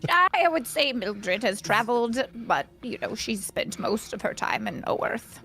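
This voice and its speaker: A woman plays her character in a tabletop game, hesitant and restarting her phrases. Her voice is slightly high and moves around a lot in pitch. Faint music sits underneath. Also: expressive, a little slow, pushed and bright. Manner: hesitant, repeating words. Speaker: player. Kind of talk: tabletop role-play chat.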